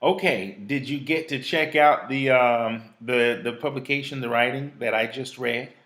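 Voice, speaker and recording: A man's voice: mid-range voice, fairly even intonation, moderate pace, fairly bright tone. A man hosting a live talk show, reading out a reflective piece in an earnest, preachy way and chatting casually with a phone guest.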